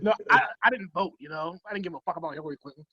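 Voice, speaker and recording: Casting: laid-back podcast co-host, husky voice, muffled lo-fi call audio. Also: male voice, high voice, animated, rapid-fire, no echo. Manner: laid-back, profane, joking, says "dog" a lot. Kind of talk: casual chat.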